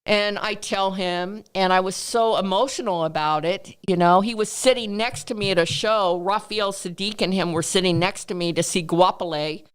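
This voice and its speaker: A woman's voice: medium pitch, moderate pace, hardly any pauses, clean tone. A woman in a casual podcast interview, telling stories and acting out what people said in a raised voice. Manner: animated storyteller, acts out quotes in raised voice.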